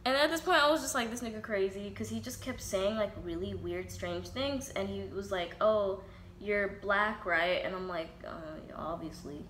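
Hardly pausing, a young woman vlogger speaks at a moderate pace in a medium-pitched, fairly bright voice. Her storytime is casual, candid, and profane, with reenacted dialogue from both sides. Roomy echo, faint ambience, and a little hiss or hum are audible.

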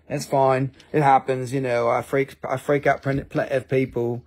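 A man's voice: medium pitch, level tone, moderate pace, few pauses, a little mellow. A man with an Appalachian accent hosting a live-stream sale, rambling, joking at his own expense and swearing freely. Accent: Appalachian American. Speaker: live-stream crystal seller. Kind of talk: casual live-selling chat.

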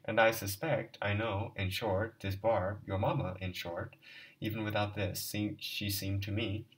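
A man's voice: lowish voice, fairly even intonation, a little slow, far from the mic, close to an everyday voice, poor audio. A man voicing a haughty, pompous middle-aged suitor who gets stiff and indignant and stammers when flustered.

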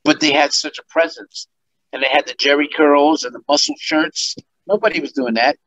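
A man's voice: fairly high pitch, moderate pace, rough recording. A man, a guest musician, telling stories in an interview and acting out what people said. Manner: animated, acts out quotes. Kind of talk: interview storytelling.

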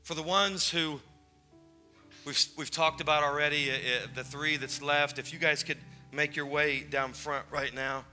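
A pastor with a high, very bright voice preaches to his congregation in a church sanctuary. He talks fervently and urgently and keeps circling back on his own words, with soft music playing under him. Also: steady tone, a little slow. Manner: fervent, urgent, repeats phrases. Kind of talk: sermon with altar call.

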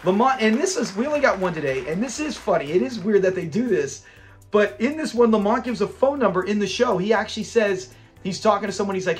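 A man with a fairly high voice talks through an episode in a loose, chatty way. He laughs easily as he retells scenes, and faint music plays underneath. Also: animated, quick pace. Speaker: host of a classic TV review channel. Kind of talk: casual episode breakdown.

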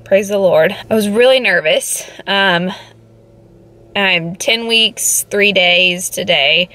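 A woman's voice: mid-range voice, fairly bright tone, a little hiss or hum. A young woman giving a casual vlog update, emotional and teary but relieved, laughing now and then. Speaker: vlogger.

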